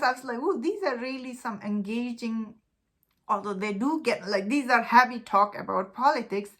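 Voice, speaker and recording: This is a woman chatting through her review of a show, eager and informal. Her voice sits slightly high with a bright, forward tone. Her sentences ramble loosely, full of "uh" and "like". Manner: chatty and enthusiastic, many fillers and restarts; loose, informal English phrasing. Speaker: movie reviewer. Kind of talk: casual spoken review.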